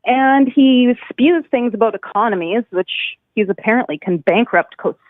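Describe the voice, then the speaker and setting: A woman's voice: fairly high pitch, animated, moderate pace, no room sound. Worried Canadian woman on a phone line. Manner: worried, outspoken. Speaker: caller. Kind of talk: call-in radio talk.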